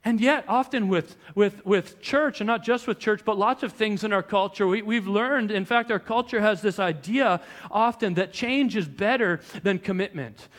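A young adult man, a pastor, preaching a sermon in a conversational, animated storytelling way with frequent restarts. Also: high-pitched, moderate pace.

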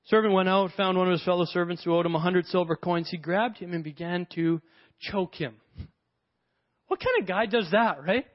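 High-voiced man preaching casually. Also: moderate pace, highs cut off. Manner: conversational, acts out characters in the parable. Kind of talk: sermon.

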